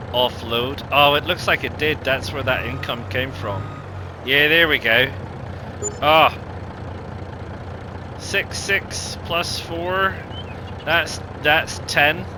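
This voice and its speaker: A man's voice: medium pitch, takes it slowly, long pauses, noisy background. A man giving casual, rambling gameplay commentary, with lots of ums and self-corrections. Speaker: gaming video host.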